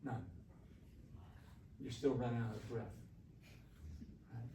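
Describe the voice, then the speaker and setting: A man speaks slowly and flatly in a mellow, medium-pitched voice while teaching a shakuhachi class. He stays coaxing and conversational, frequently questioning the students. The roomy, far-off recording carries a faint hiss.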